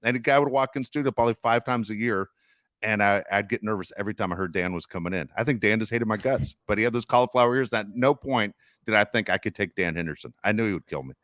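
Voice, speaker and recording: A middle-aged man hosting a sports podcast, telling stories in casual, animated chat. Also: on the low side, fast talker, no room sound, studio quality. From Los Angeles area. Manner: storytelling, animated, swears casually. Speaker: podcast host.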